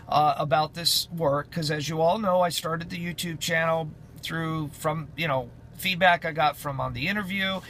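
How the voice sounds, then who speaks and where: A man's voice: high voice, sharp tone, a little hiss or hum. A man who drives runs chatting casually in a vlog update, rambling with many fillers and restarts. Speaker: truck driver vlogger.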